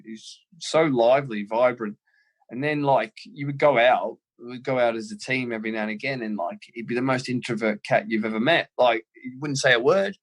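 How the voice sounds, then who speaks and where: Aussie guy in his 30s, chatty footballer telling stories, laughs a lot. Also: medium pitch. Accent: Australian. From Australia. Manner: lively anecdote-telling, laughs often. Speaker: former footballer, guest. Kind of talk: casual storytelling interview.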